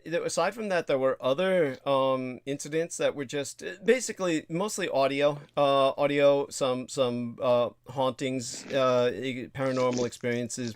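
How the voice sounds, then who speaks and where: A man hosting a livestream in casual chat, stammering and breaking into laughter, his voice jumping high when amused. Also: clean tone. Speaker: livestream host.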